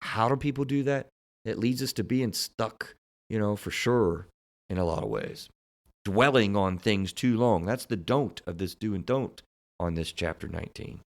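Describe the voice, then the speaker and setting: A man with a low voice hosts a casual podcast as a therapist. He speaks in a halting way, restarting and repeating words as he works through his thoughts.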